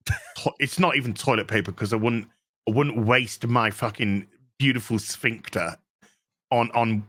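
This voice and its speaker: A man's voice: medium pitch, pushed and bright. A man, co-hosting a casual podcast and giving blunt, profane critique. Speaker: co-host.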